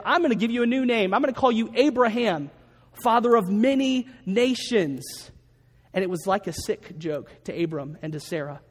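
A man preaching a sermon as pastor, telling a story and acting out the voices of the people in it. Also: sits high. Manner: storytelling, acts out quoted voices. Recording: long reverb.

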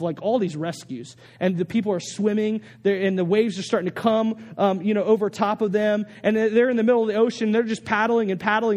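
A man preaching a sermon, telling a story earnestly with lots of restarts and rising excitement. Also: high-pitched, in a large hall. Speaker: pastor.

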